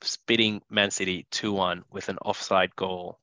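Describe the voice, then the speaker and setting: A man's voice: deep voice, flat delivery, measured pace, bright, forceful tone, no echo, lo-fi sound. A young man co-hosting a casual football podcast, blunt and opinionated, tripping over repeated words when he gets going. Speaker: podcast co-host. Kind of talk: casual chat.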